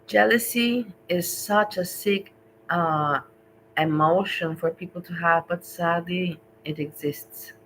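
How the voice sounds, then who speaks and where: A woman's voice: fairly low pitch, slow, fairly bright tone, slight background noise, low-quality recording. A woman reacting to a stream, making wry asides and talking back at the video. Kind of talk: casual reaction commentary.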